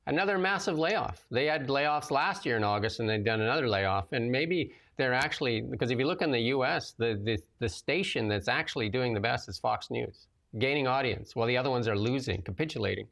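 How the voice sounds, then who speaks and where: A man with a gravelly, fry-heavy voice at an ordinary pitch for a man. He co-hosts a political talk show and talks bluntly, rattling off opinions and quick asides. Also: expressive, a bit bright. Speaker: co-host.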